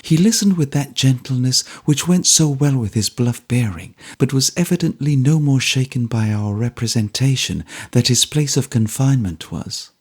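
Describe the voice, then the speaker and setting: A man narrating a classic novel as an audiobook, reading in a measured, clear way. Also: medium pitch. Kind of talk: scripted narration.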